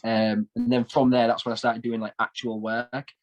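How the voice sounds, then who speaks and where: Young guy from the north east of england, north east accent, rambling on with loads of likes and ums, mid pitch. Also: level tone, moderate pace, low-quality recording. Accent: North East English. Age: 20s. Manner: rambling, repeats words, many fillers. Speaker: guest, shamanic practitioner. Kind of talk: casual storytelling interview.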